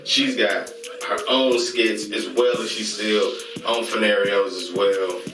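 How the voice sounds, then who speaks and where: A man hosting his own channel, chatting casually and excitedly as he gives shout-outs, rambling and slangy. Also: on the low side, slow pace, recorded from a distance. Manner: hyped, chanting catchphrases, slangy and rambling. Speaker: YouTube host reviewing comedy channels. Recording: echoey room from off-mic with music. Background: music playing.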